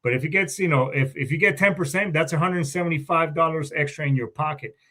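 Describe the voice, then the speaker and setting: Southern man, podcast host, bright edgy voice, rambling and profane, fairly high. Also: quick pace. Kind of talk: casual podcast chat.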